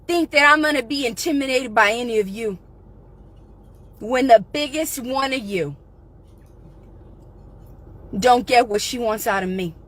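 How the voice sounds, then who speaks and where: A high-pitched woman with a bright, sharp edge to her voice, on an angry livestream rant outdoors. She is confrontational and swears. She often breaks into shouting. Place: outdoors in front of her house.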